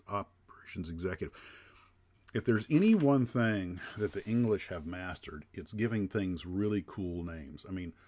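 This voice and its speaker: A man hosting a casual livestream chat, talking in a rambling way with lots of fillers and restarts. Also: fairly low pitch. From United States. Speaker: livestream host.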